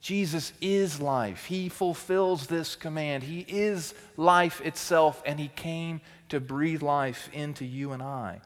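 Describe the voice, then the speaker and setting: A male teaching pastor delivering a sermon, swinging between loud emphatic bursts and quiet, intense stretches. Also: on the high side, slow, few pauses. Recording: long hall reverb.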